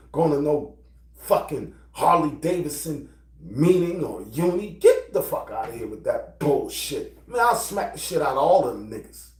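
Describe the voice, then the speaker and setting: A man's voice: on the high side, measured pace. Profane storytelling man, roomy and far. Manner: animated, profane, builds to angry outbursts. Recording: roomy, distant from mic.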